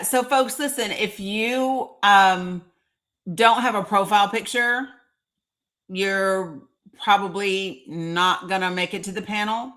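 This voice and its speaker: Bright-voiced Tennessee woman hosting a livestream. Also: medium pitch. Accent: Northeast Tennessee. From Northeast Tennessee. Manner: chatty, emphatic, addresses commenters by name. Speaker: livestream host. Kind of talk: live-streamed commentary to viewers.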